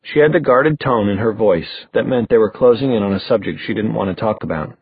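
A man narrating an audiobook in an expressive, storytelling manner. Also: lowish voice, brisk, breathy edge, no echo. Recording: dry, phone-like thin sound.

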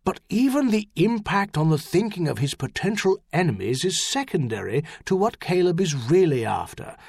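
A man's voice: sits high, sing-song, normal speed, creaky, slightly rough, no echo, pitched above the performer's own voice, exaggerated voice. A man reading an audiobook, voicing a pious, earnest treasurer who explains things urgently. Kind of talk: audiobook character voice.

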